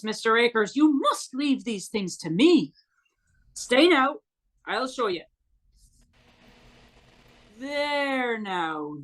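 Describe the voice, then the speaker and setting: A woman playing a swaggering gentleman. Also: a little high, exaggerated voice. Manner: brisk, confident, commanding. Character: swaggering Irish gentleman duellist. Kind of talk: stage comedy acting.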